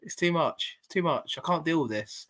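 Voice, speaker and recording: A man's voice: a little high, animated, normal speed, a bit bright. Guy hosting a footy podcast, swears a lot, laddish and blunt. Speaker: podcast host. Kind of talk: casual football podcast chat.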